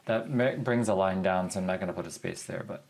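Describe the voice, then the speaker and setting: A man teaching a language lesson over a screen share, talking in a relaxed, chatty way and thinking aloud with fillers as he goes. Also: low-pitched, fairly quick. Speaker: Spanish teacher.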